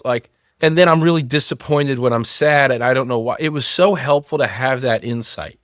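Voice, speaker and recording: A man's voice: medium pitch, moderate pace, no echo, studio quality. A man in his thirties, a company founder, telling personal stories frankly and swearing freely in a candid podcast conversation. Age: 30s.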